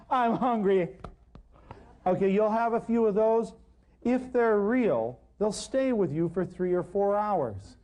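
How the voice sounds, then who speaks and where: High-pitched, emphatic seminar man. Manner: animated, joking, acts out dialogues with patients; emphatic, repeats points for effect. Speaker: natural healing lecturer. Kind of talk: live seminar talk to an audience.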